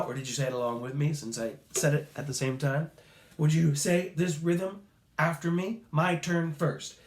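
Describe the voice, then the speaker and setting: A man's voice: a little high, moderate pace, roomy sound. A male music teacher leading children through a playful call-and-response rhythm lesson, chanting rhythm syllables.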